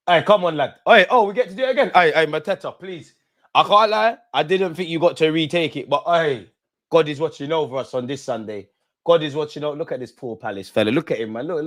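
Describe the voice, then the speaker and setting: Excitable young man hosting a football watch-along. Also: on the high side, fast talker. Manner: excitable, shouts and chants at goals, London street slang.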